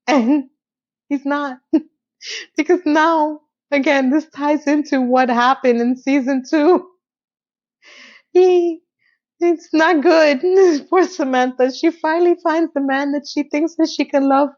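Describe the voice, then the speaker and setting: A woman hosting a casual TV episode recap, telling scenes with animated storytelling. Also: sits high, measured pace, long pauses, lo-fi sound. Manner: animated storytelling, breaks into laughter. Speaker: recap host.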